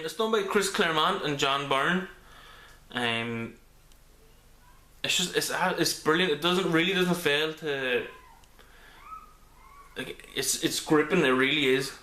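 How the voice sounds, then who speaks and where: A man's voice: fairly high pitch, expressive, measured pace, long pauses, bright, forceful tone. A man reviewing a comic book in a casual video, rambling with many ums and restarts. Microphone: camera mic. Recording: echoey room.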